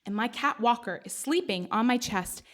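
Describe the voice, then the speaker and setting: Animated woman storyteller. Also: fairly high pitch, moderate pace. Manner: animated, self-deprecating, funny. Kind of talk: live comic storytelling. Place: stage before a live audience.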